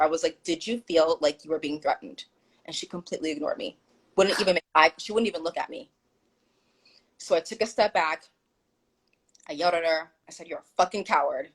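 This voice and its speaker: A live stream guest with a low, breathy voice comes through a phone or video call in a rough recording. She tells her story with animation and emphasis, quoting what others said along the way.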